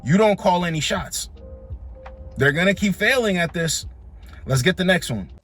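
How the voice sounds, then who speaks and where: Blunt, high-voiced man lecturing on dating. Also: animated, moderate pace, fairly bright tone, soft background music. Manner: dismissive, lecturing, calls listeners bro. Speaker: dating commentator reacting to clips. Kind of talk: blunt reaction commentary.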